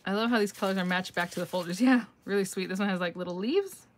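A woman's voice: mid-range voice, quick pace, slight background noise. A middle-aged woman hosting a casual live craft-mail reveal on her phone, chatty and gushing, thinking aloud and laughing often as she answers viewer comments.

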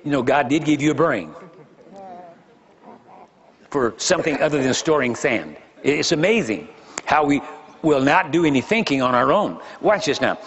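A man's voice: a little high, very animated, normal speed, long pauses, a bit bright. An older man preaching as a pastor, talking conversationally and throwing rhetorical questions at the congregation. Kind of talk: sermon. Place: large church hall. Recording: dull lo-fi sermon recording with long hall reverb.

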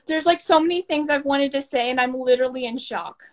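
A teenage girl chatting excitedly as a fan guest on a live stream, giddy and a little breathless. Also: high-pitched, fairly quick. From United States. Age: teens. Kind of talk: excited casual chat.

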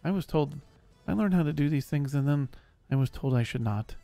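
A sweet-natured, simple barbarian warrior, played by a man, who speaks in stiff, earnest sentences with no contractions. The voice sits high and has a gravelly edge. It sounds close and dry. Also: lively intonation, brisk, dark tone, no room sound, soft background music. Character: simple-minded gentle male barbarian warrior. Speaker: streamer. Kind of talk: roleplay in a survival game.

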